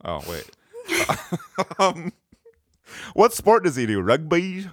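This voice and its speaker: A man co-hosting a comedy podcast, joking crudely in quick, casual banter. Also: fairly high pitch, huge pitch swings, a bit bright, no echo, clean studio sound. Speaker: podcast co-host.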